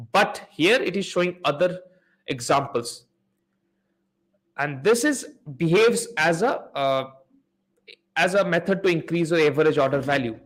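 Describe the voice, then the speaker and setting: A man's voice: fairly high pitch, fairly bright tone. A man hosting a live online Q&A on selling ads, explaining step by step while sharing his screen and asking the audience questions. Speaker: host of a live Amazon PPC Q&A session. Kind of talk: live webinar teaching with screen share.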